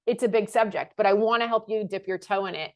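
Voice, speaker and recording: A woman hosting a motivational talk. She coaches viewers through affirmations, repeating them slowly and with emphasis, and sometimes laughs at herself in a casual aside. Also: medium pitch. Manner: slow, emphatic repetition of affirmations; laughs and self-corrects casually. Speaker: life coach host.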